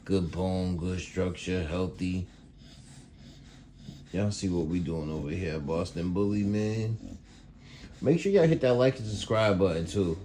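A man's voice: low voice, measured pace, pauses often, mellow, a little hiss or hum. A man casually vlogging about his dog kennel, rambling and laid-back, talking to viewers with lots of y'all and man. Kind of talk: casual vlog. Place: indoors at home kennel.

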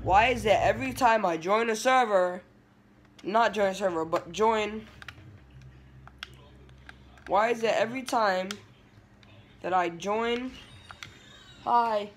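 High, bright-voiced excitable gamer guy. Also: takes it slowly, long pauses. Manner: excitable, trash-talking, yelling outbursts. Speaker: gameplay streamer. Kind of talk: live gameplay commentary.

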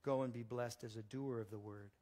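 A man's voice: mid-range voice, steady tone, a little fast, warm tone, in a large hall. A male pastor preaching a sermon, telling stories in a conversational way with frequent restarts. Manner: storytelling, conversational, with many restarts. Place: church sanctuary.

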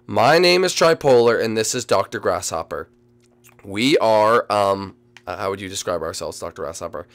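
A man hosting and narrating a Minecraft role-play series, energetic and full of hesitant fillers. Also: fairly low pitch, moderate pace, vocal fry. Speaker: host.

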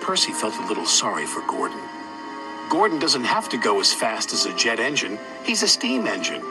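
A man reading a children's railway story aloud with an expressive, animated manner. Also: fairly low pitch, moderate pace. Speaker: narrator. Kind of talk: storybook narration. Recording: loud music behind.

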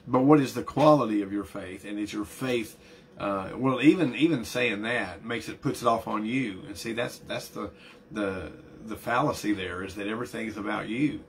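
A man's voice: fairly low pitch, moderate pace, a little hiss or hum. A middle-aged man preaching a conversational sermon as pastor, often repeating words and building emphasis.

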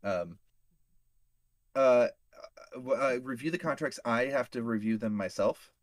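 In a dry recording, a player with a mid-range voice talks a little slowly during casual tabletop role-play, hesitating and leaning on many fillers.

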